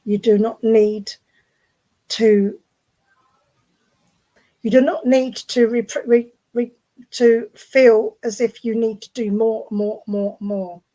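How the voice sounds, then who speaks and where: A woman with an English accent giving a clairvoyant message at a spiritualist service, gently reassuring and often repeating her phrases. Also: medium pitch, rough recording. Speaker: medium. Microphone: online video stream.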